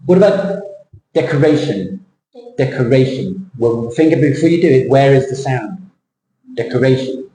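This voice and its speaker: A man teaching English pronunciation, slowly drawing out words for a student and explaining the rules. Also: medium pitch, mellow, reverberant, slight background noise, rough recording. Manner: slow, drawn-out modeling of words, switching into Thai. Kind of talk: classroom pronunciation lesson.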